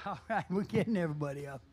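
A man emcees a jam on a live bar stage, speaking into a handheld mic with loose jokes and calling people up in casual banter. His voice is a little high, with a darkish tone.

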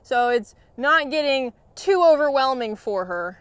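Calm, encouraging woman horse trainer. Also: high voice, unhurried, no echo. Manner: calm, encouraging, explanatory, praising often. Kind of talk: narrated training session.

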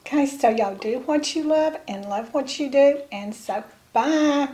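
A woman's voice: high voice, unhurried, warm tone. A woman chatting casually with her co-host during a home cooking taste test, easygoing and agreeable. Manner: easygoing, agreeable, short replies.

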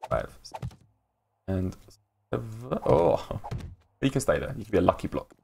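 An English man chats his way through a live gaming stream, rambling between building and greeting viewers in chat by name. His voice sits low with a gravelly rasp, and he laughs easily. A faint hiss sits under the recording. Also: very animated, a little slow, darkish tone. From England. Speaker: livestream host.

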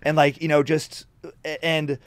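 Comedian guy chatting on a podcast, fairly high voice, animated, swears a lot. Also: measured pace. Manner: animated, swears freely, acts out angry outbursts. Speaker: guest comedian. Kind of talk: casual podcast chat.

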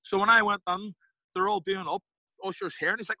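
A man with a Derry Northern Irish accent, a podcast guest telling stories in a casual, animated way, acting out other people's lines and swearing freely. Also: high-pitched, brisk, dry recording, poor audio. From Northern Ireland. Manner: animated, acts out quoted voices, swears casually. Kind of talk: casual storytelling interview.

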